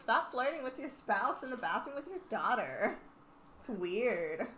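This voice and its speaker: A woman's voice: a little high, big pitch swings, measured pace, sharp tone, reverberant. A young woman in casual gameplay commentary, chatting and teasing at the game characters as she plays. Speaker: gaming channel host.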